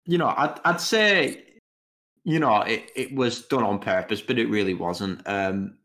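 A man's voice: fairly low pitch, a little slow, bright, forceful tone. A young man in his twenties co-hosting a podcast, chatting casually and rambling with lots of hesitations. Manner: rambling, hesitant, many "you know"s. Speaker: podcast co-host. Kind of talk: casual chat.

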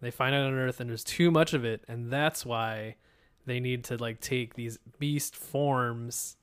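A man's voice: medium pitch, steady tone, unhurried, clear, resonant tone. Man, podcast co-host, casual chat, dry, asks questions.

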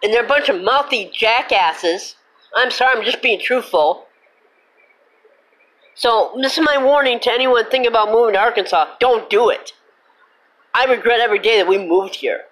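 A woman's voice: fairly high pitch, normal speed, fairly bright tone, low-quality recording. A woman hosting her own show, ranting with indignation, cussing and then apologizing for it. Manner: repetitive, emphatic complaining. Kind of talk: angry rant.

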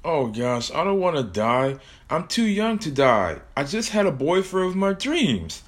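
A man voicing a frightened young woman alone in the dark. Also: on the high side, very animated, unhurried, pitched above the performer's own voice. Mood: afraid. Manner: panicky, pleading.

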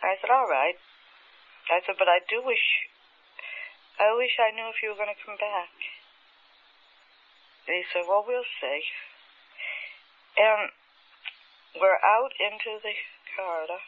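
A woman recalling events under hypnosis, speaking in a halting, hesitant way with many restarts, often turning agitated and insistent. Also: medium pitch. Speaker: hypnosis subject. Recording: raw, poor archival tape, phone-like.

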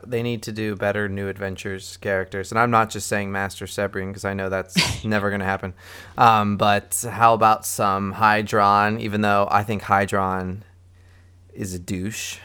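A man's voice: lowish voice, little pitch movement, normal speed, bright, forceful tone, smooth. A man hosting and editing a casual podcast, joking playfully with his co-hosts. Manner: playful, jokey, laughs easily. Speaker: podcast host and editor.

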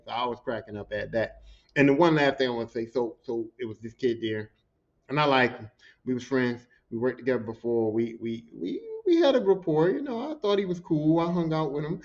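A man telling work stories on his podcast in a loose, profane, animated way, acting out what others said. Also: on the high side, brisk, lo-fi sound. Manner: profane, animated, acts out quotes. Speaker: podcast host. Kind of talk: casual storytelling monologue.

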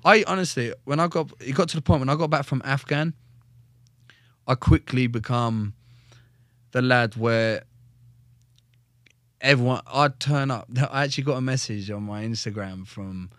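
A man's voice: mid-range voice, normal speed, long pauses, fairly bright tone, no room sound, studio quality. A man in his thirties, a fighter and former soldier, swears constantly and acts out his story in a casual interview. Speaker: podcast guest, UFC fighter and ex-soldier.

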